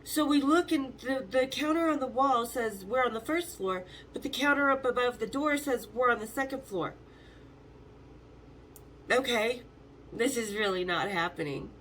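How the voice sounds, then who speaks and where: A high-pitched woman in her fifties tells her stories with lots of energy. She swears freely and jumps into the voices of everyone she mentions. Faint ambience sits underneath her. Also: moderate pace, a bit bright, a little hiss or hum. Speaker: host telling rock stories. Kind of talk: casual storytelling.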